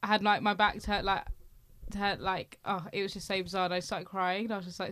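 A woman's voice: mid-range voice, steady tone, quick pace, a bit bright. A young woman, co-hosting a casual chat podcast and talking candidly, often laughing and quoting herself. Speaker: podcast co-host.

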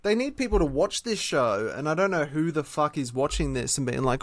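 A man's voice: on the high side, expressive, fairly quick, dry recording. A man with an Australian accent co-hosting a comedy podcast, ranting in a sweary, sardonic way. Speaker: podcast co-host. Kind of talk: casual comedic chat.

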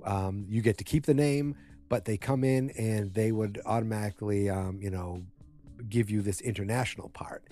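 Rambling, low-voiced man recapping casually. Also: normal speed, dark tone, faint music behind. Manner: rambling, filler-heavy, self-correcting; blunt, opinionated. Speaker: TV episode recapper.

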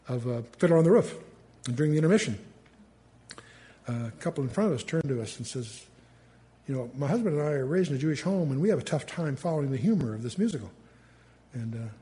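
An older man teaching the Bible in a relaxed, conversational way, reading verses aloud with rising force and then musing with fillers and asides. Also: on the high side.

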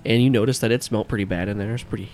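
Low-voiced male game master, relaxed narration, light hiss. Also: rapid-fire. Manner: casual, loose, filler-heavy.

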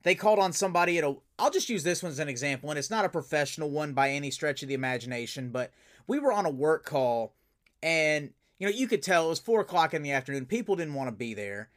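Upbeat, slightly high-voiced male host. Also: fast talker. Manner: enthusiastic, animated storyteller. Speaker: podcast host and voice actor. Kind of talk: casual interview chat.

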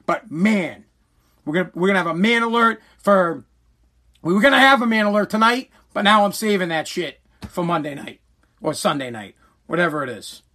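A man's voice: high-pitched, lively intonation, normal speed, pushed and bright. A man hosting a solo podcast, ranting in a profane, agitated way and stammering often. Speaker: podcast host.

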